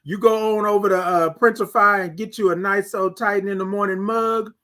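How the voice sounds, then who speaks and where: A man with a Texan accent hosting a live morning stream, chatting with viewers and singing out long, drawn-out greetings. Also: sits high. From Texas. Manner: animated, sings out drawn-out greetings. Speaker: host.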